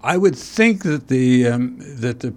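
Gravelly-voiced man hosting a talk show. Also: medium pitch, lively intonation. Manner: rambling and halting, many filler sounds, wry asides. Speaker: host. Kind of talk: casual political talk show chat.

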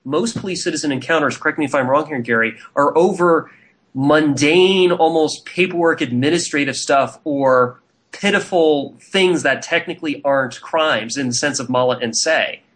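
A man hosting a talk radio show, speaking indignantly in fast rambling runs full of fillers. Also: fairly high pitch, a bit bright.

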